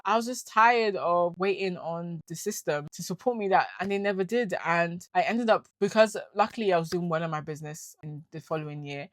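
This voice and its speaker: A young woman from the UK speaks candidly into a close, dry microphone with a fairly low voice. Her talk is casual and full of slang. She swings between quiet, weary asides and loud, indignant venting. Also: fairly quick, hardly any pauses, no echo. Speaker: vlogger. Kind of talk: candid personal storytelling to camera.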